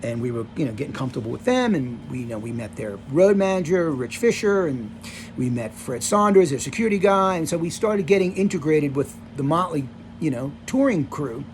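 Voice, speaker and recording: This vlogger, a man in his sixties, rambles through rock-tour memories on camera with plenty of "like" and "you know." His voice is a little high, expressive and fairly quick. A faint hiss or hum runs under the recording.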